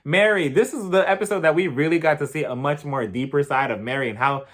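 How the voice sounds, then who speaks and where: A man giving casual, gossipy commentary while reviewing a TV episode, animated and quick to laugh. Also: fairly high pitch. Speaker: TV show reviewer.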